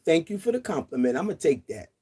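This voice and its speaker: A woman's voice: sits low, big pitch swings, fast, warm tone, husky. A woman in her sixties hosting a casual livestream chat outdoors, chatty and laughing often as she greets viewers. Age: 60s. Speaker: livestream host.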